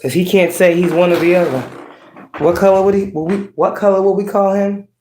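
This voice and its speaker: A woman rants bluntly into the camera, swearing freely and breaking into laughs between her points. Her voice drops low and slow, then jumps up sharp when she gets worked up. The room around her sounds echoey and bare. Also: steady tone, a little hiss or hum. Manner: swings from low drawn-out tones to sharp high outbursts. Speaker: spiritual livestream host. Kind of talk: casual ranting monologue.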